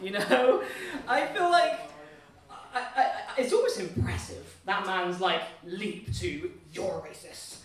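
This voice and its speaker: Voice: medium pitch, sing-song, slow. A host of a live storytelling night, chatty, sympathetic and giggly. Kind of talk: live hosting banter. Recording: echoey room, distant mic, audience noise. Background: audience applause and laughter.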